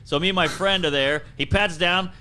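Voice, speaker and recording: A man from Louisiana, a comedian telling a wild story as a podcast guest, animated and bursting into yelled exclamations. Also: high voice, normal speed, clear, resonant tone. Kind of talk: comic storytelling.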